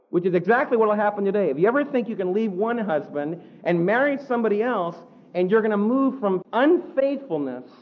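A man preaching a sermon, animated, acting out the quotes he tells. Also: high-pitched, muffled recording. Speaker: pastor.

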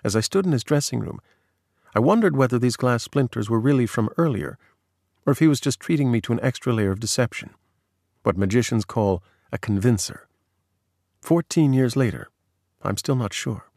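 Brief: male narrator for a magazine article, mid-pitched, dry. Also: lively intonation, moderate pace, creaky, darkish tone, no echo.

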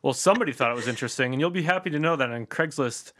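A man co-hosting a podcast in casual chat, with a dry, wry deadpan manner. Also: medium pitch, rapid-fire. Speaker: podcast co-host.

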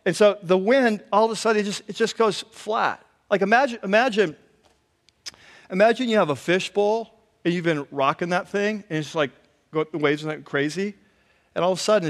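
A man preaching a conversational sermon as a pastor, telling the story in an animated way and acting out the quotes. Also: high voice, a little fast. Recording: long hall reverb.

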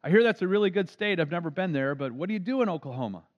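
A man voicing a friendly, talkative older gentleman in a folksy, chatty manner. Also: sits high, lively intonation, very fast, big-room sound, pitched above the performer's own voice. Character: stately gray-haired older Southern gentleman, friendly and talkative. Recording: dull lo-fi recording.

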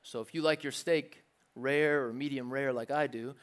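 A man preaching a sermon in a lively, joking way, acting out the voices of the crowd. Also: medium pitch, moderate pace. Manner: animated, jokey preaching with acted-out crowd voices. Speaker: pastor.

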